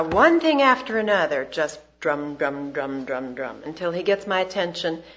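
A woman speaking at a church gathering, telling a personal story in a devotional talk, shifting between emphatic bursts and soft asides. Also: lowish voice. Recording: dull lo-fi recording.

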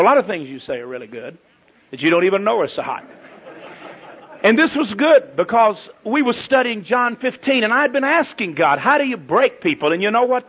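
A man preaching a sermon to pastors, telling folksy stories that swing from loud to hushed. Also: high-pitched, breathy edge. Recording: dull lo-fi sermon tape.

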